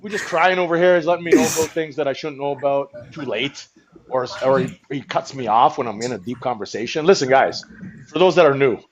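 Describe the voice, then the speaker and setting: A man's voice: mid-range voice, a little fast, rough recording. A man hosting a live stream, joking around and swinging into exaggerated mock crying and laughter, swearing and saying man a lot. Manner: profane, repeats words like man. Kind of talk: comedic live stream banter.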